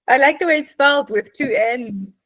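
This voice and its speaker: Slow-talking higher-voiced woman host. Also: a bit bright, no echo. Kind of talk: casual chat.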